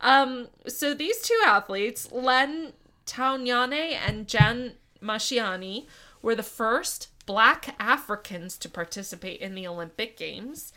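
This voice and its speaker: A woman's voice: on the high side, expressive, slow, pushed and bright. A woman co-hosting a podcast, telling a history story in a casual, chatty way with frequent laughs and fillers. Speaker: podcast co-host.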